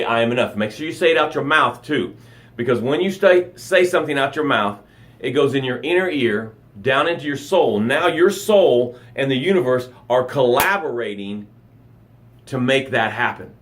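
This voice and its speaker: A man's voice: medium pitch, moderate pace. A middle-aged man, a life coach, giving a dramatic motivational live broadcast to his camera. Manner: dramatic, animated delivery with acted-out sounds and gasps. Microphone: camera for a live stream.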